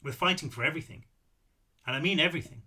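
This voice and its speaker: A man voicing a high-pitched, soft-spoken European man who is gentle on the surface and dangerous underneath, in a book read-through. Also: fast, husky, heavily acted. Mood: calm, ominous. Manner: quiet, gentle, with a dark edge.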